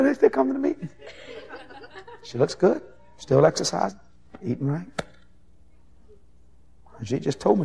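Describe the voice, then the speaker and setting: A man preaching a sermon as an evangelist, telling folksy anecdotes in an animated way. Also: mid-range voice, gravelly, slightly rough. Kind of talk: sermon storytelling.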